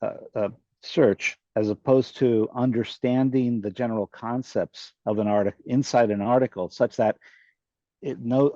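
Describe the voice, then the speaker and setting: A man from the audience asking a follow-up question on a video call, halting as he searches for words. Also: mid-range voice, mellow, no echo. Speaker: audience member. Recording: dull, muffled call audio.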